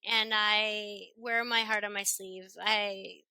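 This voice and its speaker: Loud, bright-voiced woman in her forties. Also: medium pitch, clean tone, no echo, rough recording. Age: 40s. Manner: loud, expressive, talks fast and openly. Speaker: podcast guest. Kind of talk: casual conversation.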